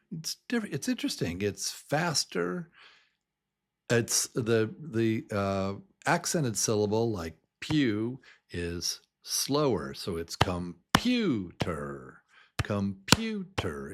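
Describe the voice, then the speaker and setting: Guy teaching english, super slow, voice jumps all over, noisy hiss behind. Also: medium pitch, big pitch swings. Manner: repeats words slowly, stressing syllables. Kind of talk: slow pronunciation drill.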